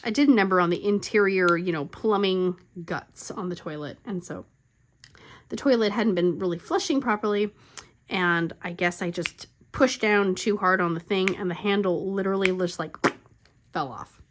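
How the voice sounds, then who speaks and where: A middle-aged woman hosting a crafting channel tells chatty, rambling stories with many "like" fillers and frequent laughs. She speaks at a moderate pace in a mid-range voice, with a little hiss or hum.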